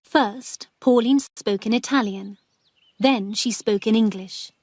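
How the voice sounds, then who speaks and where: A woman narrating a graded story for English learners in a slow, careful way. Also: fairly high pitch, darkish tone, no echo.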